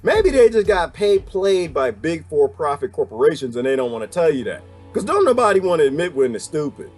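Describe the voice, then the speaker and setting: A man's voice: fairly high pitch, big pitch swings, a little fast, darkish tone, faint music behind. A man hosting his own video, talking in a rambling, wry casual monologue and laughing often. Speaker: video host.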